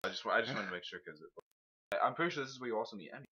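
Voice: medium pitch, lively intonation, bright, forceful tone, highs cut off. A co-host chatting and joking casually during a let's play. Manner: joking, quick to laugh. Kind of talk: casual chat while playing a game.

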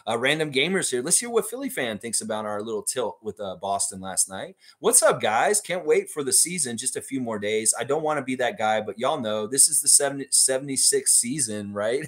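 A man's voice: medium pitch, a little fast, few pauses. A man hosting a fan livestream in a casual, rambling way, reading out viewer comments and laughing readily. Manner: chatty and excitable, laughs readily, rambling asides.

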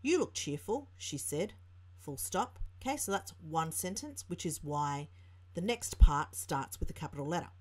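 A woman tutor with an Australian accent explains a writing lesson, reading example sentences aloud. Her voice is low-pitched with lively intonation and a normal pace.

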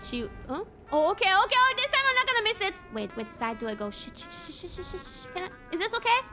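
Very high-pitched excitable woman gamer. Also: fast. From Europe. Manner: excitable, swears often, bursts into shouting. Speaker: streamer playing a driving game. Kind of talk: live gameplay commentary. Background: game music.

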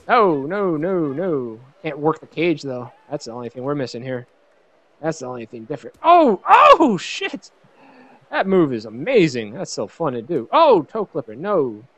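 A young man giving excited let's play commentary on a fighting game, shouting and laughing at the big hits. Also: on the high side, muffled recording. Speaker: gaming YouTuber.

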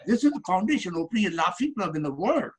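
Husky yogi preaching joy in simple English. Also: male voice, high-pitched, big pitch swings, quick pace. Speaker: yogi guest. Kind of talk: casual interview talk.

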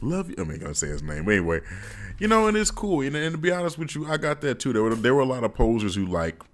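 A man's voice: mid-range voice, sing-song, quick pace. A man giving sarcastic, emphatic, slangy opinion commentary to the camera.

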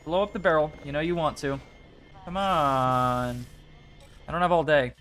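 A man's voice: a little high, normal speed, a bit bright, faint music behind. Young man pleading and swearing through gameplay. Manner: talks to himself and game characters, pleading and swearing. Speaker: gaming YouTuber. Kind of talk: casual gameplay commentary.

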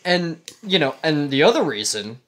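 A man's voice: a little high, big pitch swings, moderate pace, a bit bright. A man co-hosting a casual podcast, telling history in a rambling way with fillers and frequent laughs. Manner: rambling, laughs often, many fillers and restarts. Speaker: podcast co-host leading the history topic. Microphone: studio microphone.

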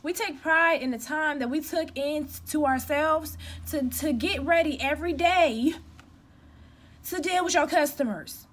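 A young woman with a high voice rants straight at the camera, blunt and emphatic. She talks casually from home, venting in a direct, no-nonsense manner. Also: a little slow. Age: young adult. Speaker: customer care representative.

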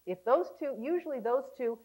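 A woman's voice: high voice, lively intonation, normal speed, darkish tone, rough recording. A woman leading a relationship class, talking animatedly to a live audience and laughing often. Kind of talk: seminar talk to a live class. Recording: 1990s VHS seminar tape.

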